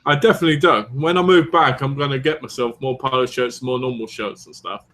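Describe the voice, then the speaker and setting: A man's voice: mid-range voice, steady tone, brisk, a bit bright. A man from the East End of London, chatting casually as a podcast co-host and telling teasing, jokey stories. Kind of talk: casual chat.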